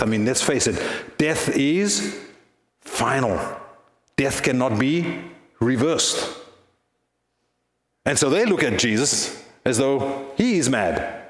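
A man's voice: medium pitch, animated, a little slow. Earnest male pastor preaching, echoey. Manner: earnest, rhetorical questions. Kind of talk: sermon. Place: church.

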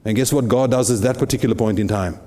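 A man's voice: mid-range voice, fast, dark tone. A man preaching a sermon, retelling a Bible story dramatically with lots of rhetorical questions. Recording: long reverb in a big hall.

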